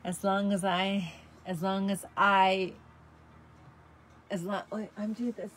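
A woman's voice: medium pitch, little pitch movement, takes it slowly. A middle-aged woman hosting a motivational talk show, upbeat and encouraging, breaking into snippets of songs. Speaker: show host.

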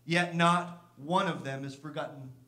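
This pastor's sermon is earnest, delivered in a steady, sharp tone at an unhurried pace. Now and then he voices the complaints of the people he's talking about, lifting his pitch to act out Martha.

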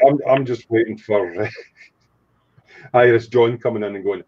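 A man's voice: on the low side, moderate pace, pauses often. A man hosting a casual live stream, chatting jokily with friends on a video call and reading out the chat. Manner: chatty, jokey, reads out chat messages. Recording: dull lo-fi stream audio.

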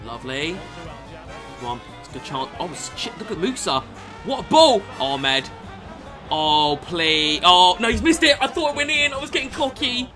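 A young man giving sweary, excitable commentary over his own gameplay, swinging from mutters to shouts. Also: high voice, normal speed. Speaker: gaming YouTuber. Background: background music.

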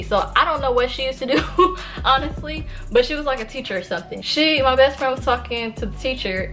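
Her voice on the high side and fairly bright, a Sacramento, California vlogger in her early twenties tells a casual story to her viewers. She's chatty, uses lots of fillers, and addresses everyone as y'all.

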